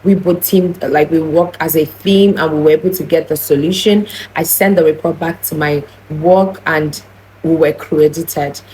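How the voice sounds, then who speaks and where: A young woman speaks in a lowish, warm voice. She recounts a personal story straight to her viewers, earnest and heated. She stumbles into restarts, and a faint hiss sits behind her. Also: steady tone, moderate pace, low-quality recording. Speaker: vlogger. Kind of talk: emotional storytime vlog.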